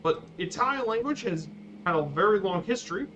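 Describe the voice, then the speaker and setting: High-voiced man streaming, halting speech. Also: lively intonation, a bit bright. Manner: halting, with fillers and restarts, repeating words slowly. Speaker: flight sim streamer. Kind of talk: casual slideshow talk during a live stream. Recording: dull lo-fi stream audio with faint noise.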